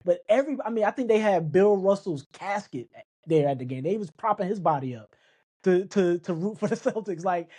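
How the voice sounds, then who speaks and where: Dude ranting about his team, kinda high voice but mellow tone, keeps tripping over his words. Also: lively intonation, brisk. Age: adult. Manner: emphatic, repeats himself, stumbles and restarts. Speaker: sports podcast host. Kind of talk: casual sports talk monologue.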